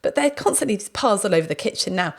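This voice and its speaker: A woman hosting a podcast, telling anecdotes in a lively, casual way. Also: medium pitch, rapid-fire, gravelly. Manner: lively storytelling, acts out quoted speech. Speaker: podcast host.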